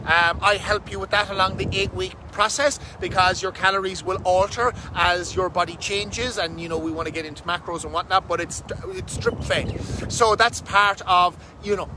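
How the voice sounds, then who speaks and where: Fast-talking man outdoors. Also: sits high. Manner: fast, energetic, swears casually. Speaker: fitness coach. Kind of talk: casual vlog to camera. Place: outdoors under a bridge, windy. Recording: outdoor wind and traffic noise.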